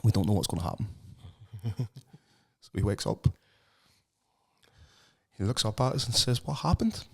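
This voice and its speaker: Sweary podcast host. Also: male voice, lowish voice, moderate pace, a little mellow, slightly rough. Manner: telling crude jokes, sweary and laughing. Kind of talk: casual podcast banter.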